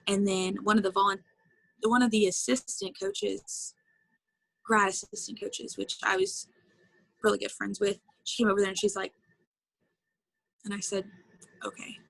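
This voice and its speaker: Young female interview guest, twenties; vocal fry, dry recording, casual and emotional. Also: mid-range voice, sing-song, moderate pace, long pauses, fairly bright tone, dry recording, poor audio. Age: 20s. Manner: chatty, lots of fillers, emotional retelling. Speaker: interview guest, former college softball player.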